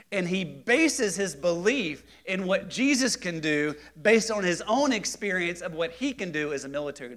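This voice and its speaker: A man teaching a Bible study class in a conversational, animated way, often checking in with the group and rising loud for emphasis. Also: high-pitched.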